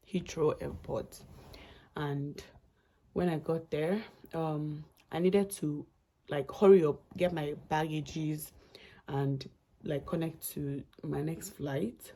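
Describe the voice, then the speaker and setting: A young woman tells her travel story in a chatty, rambling way, circling back and restarting as her feelings come up. Her voice sits low and husky, with a gravelly edge and a warm, dark tone. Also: fairly even intonation, slow pace. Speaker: vlogger. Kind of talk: casual storytelling vlog.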